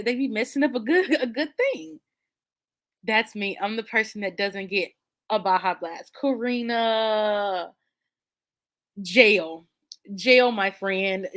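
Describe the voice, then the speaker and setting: A woman hosting a book channel, chatting casually with her viewers and answering their comments in an animated, playful way, with slang and frequent laughter. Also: mid-range voice.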